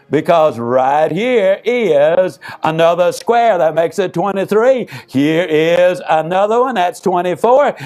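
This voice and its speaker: An older man works a seminar crowd. His voice sits high, and he talks in an emphatic, folksy way. Faint music plays behind the live talk. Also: a little mellow. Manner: emphatic, folksy, addresses the audience directly. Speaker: motivational speaker. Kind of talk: motivational seminar speech.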